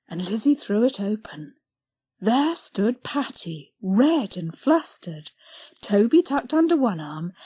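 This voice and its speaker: Slow, expressive woman storyteller. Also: medium pitch, slightly rough, no echo. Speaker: audiobook narrator. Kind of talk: scripted storybook narration.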